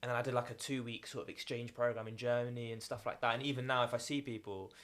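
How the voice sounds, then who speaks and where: A man in his twenties chatting as a podcast guest, an animated, jokey storyteller. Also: mid-range voice, quick pace. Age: 20s. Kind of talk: casual chat.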